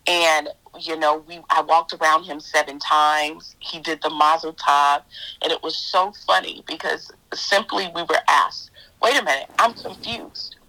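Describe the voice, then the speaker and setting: A woman guest minister shares her faith testimony during an interview, telling it in an animated, storytelling way and often quoting her own past words. Her voice sits low and she speaks a little slowly, on a low-quality recording.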